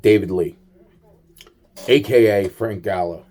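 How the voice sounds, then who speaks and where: A man's voice: lowish voice, measured pace, mellow, slight background noise. A man telling a rambling, aggrieved personal story in a monologue, swearing often and repeating himself. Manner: profane, repetitive, aggrieved storytelling.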